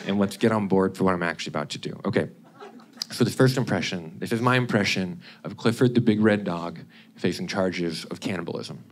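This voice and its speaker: A man doing a stand-up comedy set on a cabaret club stage, animated and laughing between bits, setting up goofy deadpan impressions. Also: deep voice, fairly quick. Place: cabaret club stage before a live audience. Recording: live club recording with audible noise.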